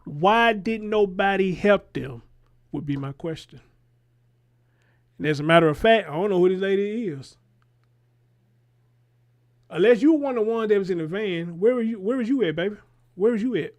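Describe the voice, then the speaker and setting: A man reacting to a news clip as host, talking in an animated, profane way and firing rhetorical questions. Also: high voice, normal speed, long pauses. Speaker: commentary show host.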